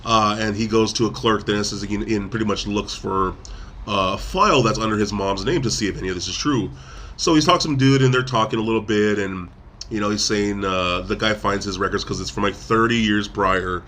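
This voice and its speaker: Slight background noise sits under this man's fairly quick, somewhat bright voice, which runs on the low side. He's hosting a podcast, loosely recapping a movie and acting out its quotes.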